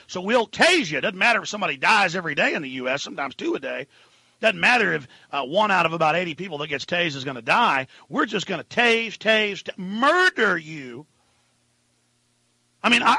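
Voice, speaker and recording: A husky, bright-toned man rants on talk radio, swinging between low muttering and loud outbursts. His voice sits high and sounds close and dry in the studio. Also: dry recording. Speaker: radio host. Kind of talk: impassioned political talk radio monologue.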